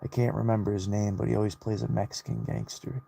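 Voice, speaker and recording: A young man talks in a low, gravelly voice with a dark, mellow tone. He rambles through a story for his vlog, swearing constantly and doubling back on himself. The delivery is slow and subdued, close to a sigh. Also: level tone, a little hiss or hum. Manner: heavy swearing, loose storytelling with restarts. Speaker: solo vlogger. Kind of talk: rambling personal monologue.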